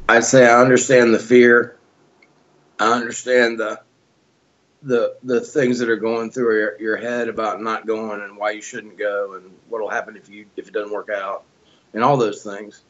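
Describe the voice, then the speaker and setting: A man's voice: on the low side, flat delivery, a bit bright. Heartfelt man on a dull line. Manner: heartfelt, halting, with restarts. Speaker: gym member interviewee. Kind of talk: personal testimonial.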